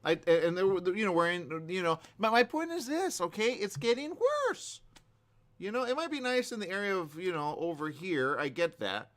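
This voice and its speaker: A man with a high voice hosts a radio talk show at a moderate pace. His opinionated news commentary is animated and emphatic, and he repeats himself a lot.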